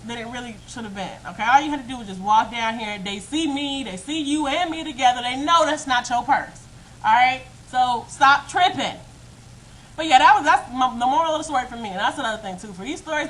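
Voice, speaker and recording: A woman vlogger telling a story to her webcam in a casual, animated and emphatic way. She often breaks into laughter and speaks straight to her viewers. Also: fairly high pitch, a little hiss or hum, poor audio. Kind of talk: casual storytime monologue to camera.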